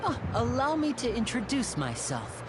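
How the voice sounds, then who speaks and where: A man's voice: very high-pitched, wildly swooping pitch, normal speed, crowd noise, full character voice. A woman voicing a charming young man in a video game, courteous and a little theatrical. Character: charming young male stage magician, polite and smooth.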